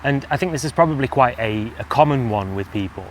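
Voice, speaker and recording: A man's voice: mid-range voice, a little fast, slight background noise. Casting note: English man, mild general British accent, casual vlogger, easygoing and rambling, recorded outdoors with faint ambience. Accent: mild English, softened toward general British. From England. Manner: relaxed, loose, with frequent fillers and restarts. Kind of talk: casual chat to camera.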